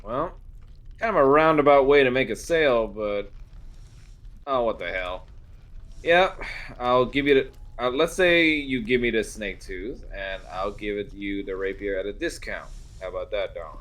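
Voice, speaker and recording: A man voicing a gruff, blunt woman blacksmith who teases customers and calls them darling. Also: fairly low pitch, normal speed, a bit bright, natural voice. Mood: teasing.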